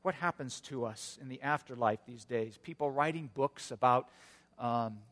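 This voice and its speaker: A male pastor giving a sermon in an earnest storytelling manner, with a touch of gentle humor. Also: medium pitch, normal speed, in a large hall.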